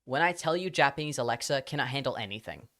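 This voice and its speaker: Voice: medium pitch, animated, quick pace, fairly bright tone. A live streamer casually telling a rambling anecdote to the audience, full of fillers and quoted voices.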